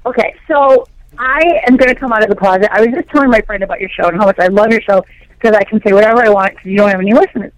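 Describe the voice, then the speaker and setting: A woman's voice: mid-range voice, very fast, dry recording, rough recording. Funny lady guest on the radio, ranty and teasing, acts out little bits of dialogue. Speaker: comedian and show correspondent. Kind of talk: rapid comedic radio chat.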